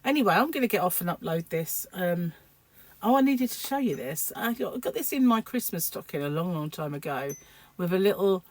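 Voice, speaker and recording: Sleepy lady chatting to her camera at home, lowish voice, lots of ums and trailing off. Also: animated, a little fast, no echo. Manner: rambling, chatty, many fillers. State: sleep-deprived. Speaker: vlogger. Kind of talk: casual chat to camera.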